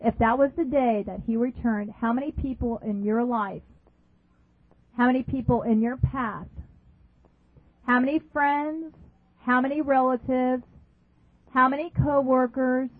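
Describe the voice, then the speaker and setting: A woman delivers a sermon in a high voice, pressing her points by repeating them and asking the listeners questions. The sound is narrow and phone-like, with a dry, close feel and no room echo. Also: steady tone, a little slow, pauses often. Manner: emphatic, repeats phrases, asks the audience questions. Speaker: preacher.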